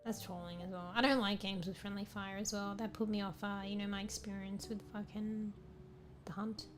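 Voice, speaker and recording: With game music in the background, a tired woman streamer holds a casual, rambling, playful chat with viewers, frequently correcting herself. She has a medium-pitched voice, a level tone, and a moderate pace.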